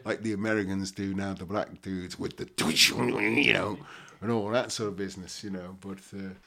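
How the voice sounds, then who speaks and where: A man's voice: deep voice, fairly even intonation, moderate pace, vocal fry, pushed and bright. A man in his sixties with a Liverpool Scouse accent, reminiscing in a rambling, casual way as an interview guest. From Liverpool, England. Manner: rambling, peppered with "you know what I mean". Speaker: actor guest.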